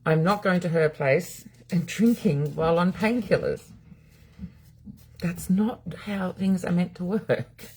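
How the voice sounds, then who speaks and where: A woman's voice: on the low side, animated, takes it slowly, a little mellow, a little hiss or hum. A middle-aged Australian woman, a psychic medium hosting a live stream from home, chatting casually, bluntly and with plenty of swearing while answering viewers' comments.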